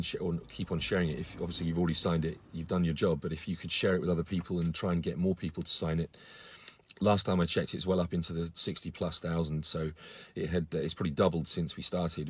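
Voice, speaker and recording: A man with a low, husky voice speaks to his followers on a live stream. He sounds earnest and indignant, and he often stops to restart his sentences with ums and uhs. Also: dry recording. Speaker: campaigner on a live video. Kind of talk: casual live-stream update.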